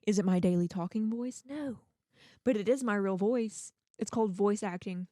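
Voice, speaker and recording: A woman's voice: mid-range voice, normal speed, dark tone, dry recording, studio quality. A woman co-hosting a podcast in casual chat, an emphatic and defensive voice actor. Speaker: podcast co-host and prank-call voice actor.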